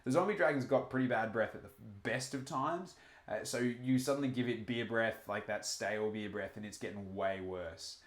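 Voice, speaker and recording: A man's voice: on the low side, normal speed, echoey room. A man with an Australian accent hosting a live stream, chatting casually with many fillers and restarts and reading out chat comments. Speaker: livestream host.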